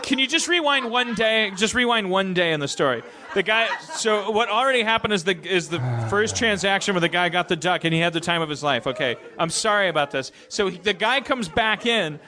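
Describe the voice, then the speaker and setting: A man's voice: high voice, animated, brisk, a crowd in the background. A man hosting a live comedy podcast, rambling and stumbling through a joke with restarts and laughs. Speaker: podcast host. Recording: live stage show with audience.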